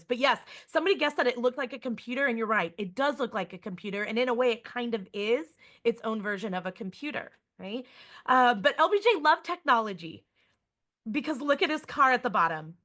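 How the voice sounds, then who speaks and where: A woman museum educator giving a lively online lesson to students, chatty and checking in with listeners often. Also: a little high, a little fast.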